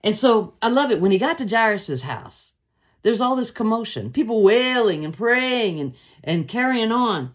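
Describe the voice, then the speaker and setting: A woman's voice: on the high side, moderate pace. A woman hosting a daily devotional, teaching a Bible passage in a casual, conversational way and acting out the people in the story. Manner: lively, conversational, acts out the story's voices.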